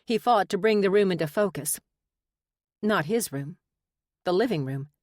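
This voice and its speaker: A woman narrating a romance audiobook in a measured, expressive reading. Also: mid-range voice, no room sound, clean studio sound. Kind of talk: scripted narration.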